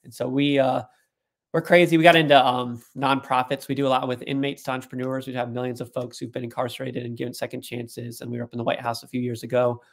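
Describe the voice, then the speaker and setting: A man as an interview guest, telling an animated story and putting on voices for the people he quotes. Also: mid-range voice, fast, vocal fry. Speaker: guest, tech executive.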